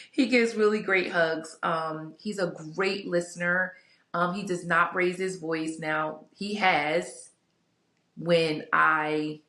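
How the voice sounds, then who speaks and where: A candid, chatty woman speaks to her viewers in a casual vlog, her voice sitting a little low. She rambles warmly through asides and fillers. The sound carries a noticeable room echo. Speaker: vlogger sharing a couples Bible study. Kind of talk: casual reflective talk to camera. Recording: echoey room.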